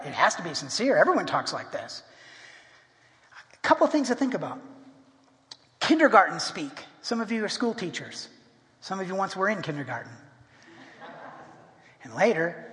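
High-voiced middle-aged male pastor preaching. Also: fairly bright tone. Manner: emphatic, often restarts and repeats words. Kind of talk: sermon. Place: church sanctuary. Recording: long hall reverb.

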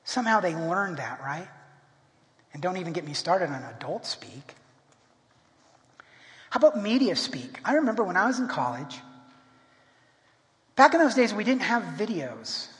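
High-voiced middle-aged male pastor preaching. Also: big pitch swings, moderate pace, long pauses, fairly bright tone. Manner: emphatic, often restarts and repeats words. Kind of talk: sermon. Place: church sanctuary. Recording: long hall reverb.

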